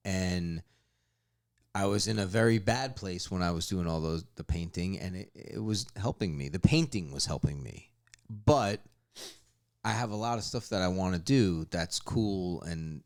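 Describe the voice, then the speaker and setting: A man's voice: low voice, animated, a little slow, darkish tone. A man guesting on a comedy podcast, talking candidly and swearing casually. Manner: candid, swears often, laughs at himself. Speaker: podcast guest co-host, music video director.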